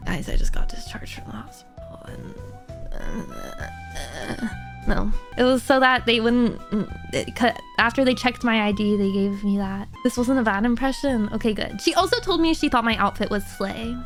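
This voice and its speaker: A young adult woman streamer chatting casually with her viewers, giggly and full of fillers. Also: on the high side.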